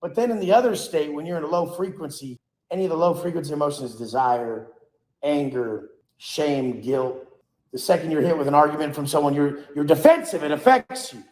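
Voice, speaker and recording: A man's voice: fairly high pitch, a little fast, darkish tone, echoey room, rough recording. A man giving an earnest, preachy motivational speech about energy and enlightenment. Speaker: motivational speaker.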